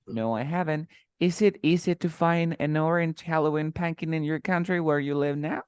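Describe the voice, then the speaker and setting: A man's voice: a little high, clear, resonant tone, no room sound. Patient male English teacher, dry sound. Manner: patient, repeats words slowly for pronunciation. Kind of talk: conversational lesson, interview practice.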